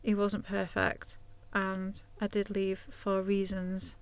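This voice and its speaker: Creaky-voiced woman vlogging. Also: medium pitch, completely flat delivery, slow pace. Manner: candid, confessional, chatty. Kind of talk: casual vlog to camera. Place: inside her van.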